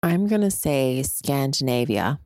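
Woman, low voice with a lively swing, unhurried, dry close sound, playful quiz co-host. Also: dry recording. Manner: playful, laughs often. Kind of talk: casual quiz banter.

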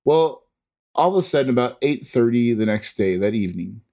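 A man's voice: mid-range voice, animated, brisk, dark tone. Man, casual first-person storyteller, earnest and rambling, lots of restarts. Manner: imitates monitor beeps.

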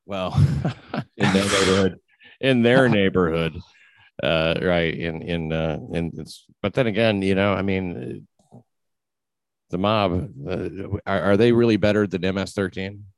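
A man with a very low voice chats casually on a podcast, rambling and swearing freely as he restarts his sentences. The sound is close and dry. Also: unhurried, clean tone, no echo. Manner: rambling, profane, many restarts. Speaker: podcast host. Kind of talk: casual chat.

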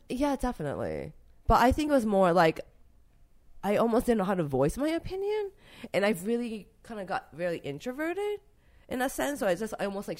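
A young woman chatting in an interview, her pitch swinging widely as she talks. She rambles with plenty of fillers and gets emotional about her work. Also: darkish tone. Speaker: interviewed street artist. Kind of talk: casual interview talk.

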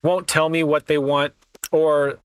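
A man's voice: on the high side, level tone, a little slow, clean tone, dry recording. A man teaching real estate investing in a motivational talk, emphatic and repetitive as he speaks straight to his listeners.

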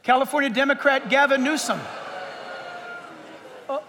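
Pastor guy preaching, really high bright voice, emphatic asides, big echoey hall. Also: steady tone, normal speed, slight background noise. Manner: emphatic, quoting scripture with asides and laughs. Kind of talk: sermon.

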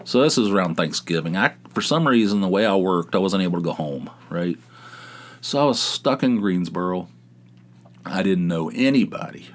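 A man's voice: low voice, animated, normal speed. A middle-aged man from West Virginia hosting a podcast from his home office, telling stories in a rambling, self-deprecating way with many asides and restarts. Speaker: podcast host. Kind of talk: casual storytelling monologue.

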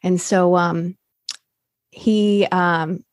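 A woman's voice: on the low side, steady tone, very slow, dry recording. Woman rambling through her recovery story, lots of ums and restarts, dry close sound. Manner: candid, rambling, many fillers and restarts. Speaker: recovery coach.

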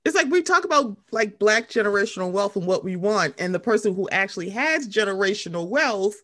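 A woman co-hosting a casual chat about reality TV, animated and quick to mimic other people. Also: mid-range voice. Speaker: podcast co-host.

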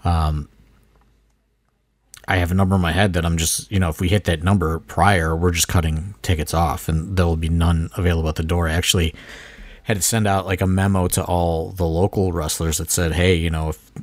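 A man's voice: deep voice, flat delivery, fairly quick, no echo. A man co-hosting a casual podcast, rambling and leaning on filler phrases like "you know" and "like". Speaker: wrestling promoter and podcast co-host.

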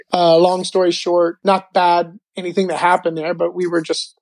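A man telling his faith story as an interview guest, animated and full of filler words. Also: sits high, fairly quick, few pauses, no echo. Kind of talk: personal faith testimony.

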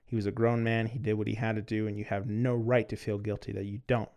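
A man voicing a steady, loving wife in a soft, earnest read in his own low voice. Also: fast, close to an everyday voice. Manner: soft, earnest, quiet reading. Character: steady, loving adult wife urging her husband on.

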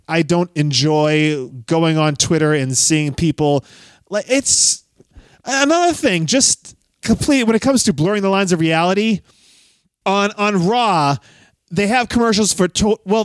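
A man hosting a casual wrestling podcast, chatty and quick to laugh. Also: high voice, clear, resonant tone, no room sound. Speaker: podcast host.

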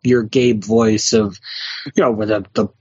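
A man joining a podcast as a guest, chatting casually with quick, offhand asides. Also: lowish voice, fairly even intonation, darkish tone, slightly rough, no echo. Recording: dry, dull lo-fi audio.

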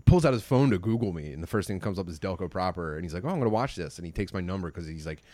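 A man with a low voice tells a rambling, profane story to friends on a podcast. His words often sink into a quiet mutter. The sound is dry and close to the mic. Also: rapid-fire, dry recording. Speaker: podcast co-host. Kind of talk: casual storytelling chat.

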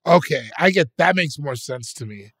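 A young man co-hosting a casual podcast, animated and rambling, often restarting his sentences. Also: fairly high pitch, normal speed, no room sound. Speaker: podcast co-host.

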